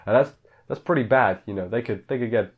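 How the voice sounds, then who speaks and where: Over phone-quality audio, an anime reviewer with a medium-pitched voice talks a little fast. He recaps an episode in a rambling, offhand way, heavy on fillers, and mimics characters when quoting them.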